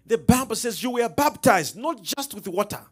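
Lively high-voiced male preacher. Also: normal speed, faint music behind. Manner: emphatic, preacherly call-and-response, dramatic swings in loudness. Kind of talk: sermon.

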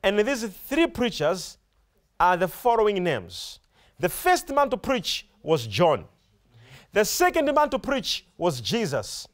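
A man whose voice sits high takes his sermon slowly. He preaches emphatically and repetitively, returning to the same words and phrases. His pitch rises and falls animatedly, and he often asks his congregation questions.

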